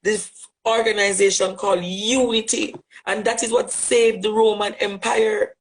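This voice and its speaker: A man with a Jamaican accent, giving an impassioned direct address as a social media commentator, forceful and rhetorical, repeating phrases for emphasis. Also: sits high, level tone, moderate pace, hardly any pauses, rough recording.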